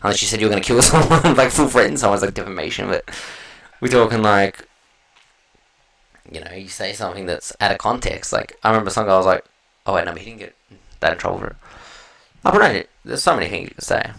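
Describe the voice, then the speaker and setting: A man's voice: on the low side, expressive, quick pace, vocal fry, pauses often, fairly bright tone, low-quality recording. An Australian man hosting a solo podcast, talking in a loose, rambling way with slang and heavy swearing. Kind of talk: casual rambling monologue.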